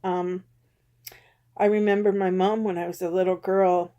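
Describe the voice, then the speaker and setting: A woman in her fifties talks openly to her camera in a personal vlog. Her voice is mellow and warm, and her speech is halting, full of pauses and ums. She sounds emotional, close to tears at times. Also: fairly low pitch, little pitch movement, lo-fi sound. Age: 50s. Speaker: vlogger.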